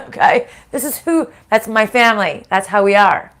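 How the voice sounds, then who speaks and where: A middle-aged woman giving a casual spiritual reading, frank and animated, swearing freely and laughing often. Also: medium pitch, a little slow, hardly any pauses. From Italian-American family. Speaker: spiritual reader and channel host.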